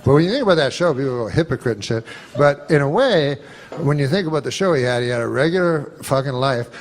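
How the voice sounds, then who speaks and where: A male comedian telling a rambling, profane story in a deadpan way, with many fillers. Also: on the high side, quick pace. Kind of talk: stand-up style storytelling.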